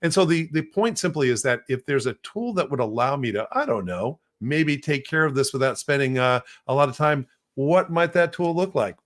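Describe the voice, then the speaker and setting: A man's voice: medium pitch, expressive, normal speed, hardly any pauses. A middle-aged man hosting a podcast, explaining as he goes in a loose, rambling way with many restarts. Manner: rambling, frequent restarts and repeated words. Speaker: podcast host. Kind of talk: casual podcast demo.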